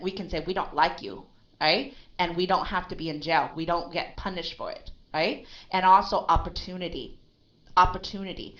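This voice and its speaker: Brief: woman, English teacher, lowish voice, emphatic, slightly muffled recording. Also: a bit bright. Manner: emphatic, keeps checking with "right?". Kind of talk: one-on-one language lesson.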